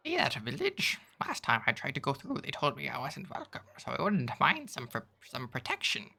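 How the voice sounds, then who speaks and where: A man voicing a tiny, clingy male minimite creature with a high, chirping squeak. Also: wildly swooping pitch, moderate pace, bright, forceful tone, breathy edge, full character voice. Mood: pushy.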